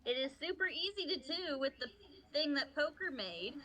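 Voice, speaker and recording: A woman's voice: sits high, lively intonation, normal speed, sharp tone. A woman chatting casually while gaming with friends, cheerful and matter-of-fact. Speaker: gamer on stream.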